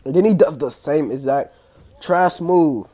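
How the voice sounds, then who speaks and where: A young man casually commentating his own wrestling video game play, excitable and slangy, trash-talking the opponents, with a clogged throat. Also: fairly high pitch, a little slow. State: congested throat. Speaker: gaming channel host.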